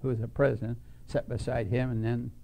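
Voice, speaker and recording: A man's voice: mid-range voice, level tone, a little fast, vocal fry, warm tone. An older man telling his life story to an audience in a blunt, folksy way, chuckling at his own punchlines.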